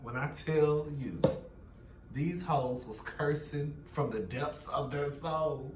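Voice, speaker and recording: A man's voice: fairly high pitch, slow, echoey room, far from the mic, noisy background. A young man giving a sassy, blunt, profane recap of a reality TV episode, gossiping and quoting the cast. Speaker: show recap commentator.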